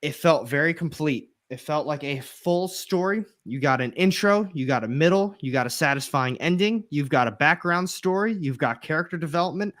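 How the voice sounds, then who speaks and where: A man co-hosting a comic book livestream, talking in a relaxed, chatty way with trailing fillers. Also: fairly high pitch, moderate pace, hardly any pauses. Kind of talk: casual chat.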